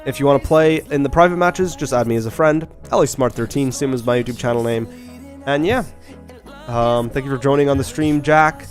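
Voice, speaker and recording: A man chatting quickly and casually on a live stream, joking about himself while greeting viewers. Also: mid-range voice, soft background music. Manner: fast-talking, chatty, self-deprecating. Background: faint background beats.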